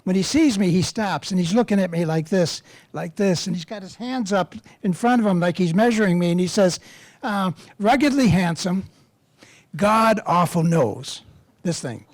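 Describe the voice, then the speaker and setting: Older man, fairly high voice, dry close sound, rambling anecdotes, self-deprecating humor, priest giving a talk. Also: brisk, a little mellow, no echo. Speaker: priest and campus minister. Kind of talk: storytelling talk to a live audience.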